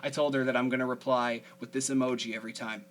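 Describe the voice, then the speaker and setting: A man's voice: medium pitch, flat delivery, fast, fairly bright tone. A man hosting a casual podcast chat, rambling with lots of fillers. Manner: chatty, rambling, many fillers. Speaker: podcast host.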